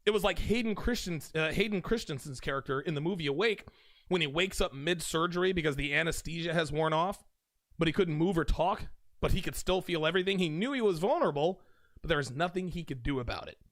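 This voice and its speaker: A man's voice: on the high side, quick pace, a bit bright, dry recording, clean studio sound. A man hosting a livestream, talking emphatically and repeating phrases as he builds each point. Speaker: host. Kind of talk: livestream commentary.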